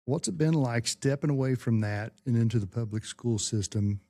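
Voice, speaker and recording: Mellow folksy middle-aged male podcast host. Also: medium pitch, moderate pace, no room sound. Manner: folksy, rambling reminiscer. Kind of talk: casual podcast conversation.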